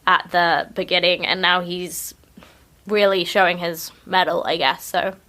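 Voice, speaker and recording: A woman's voice: on the low side, steady tone, measured pace, pushed and bright. A woman with a non-Canadian English accent co-hosting a hockey podcast, chatty and self-deprecating. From outside Canada. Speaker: podcast co-host. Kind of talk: casual chat.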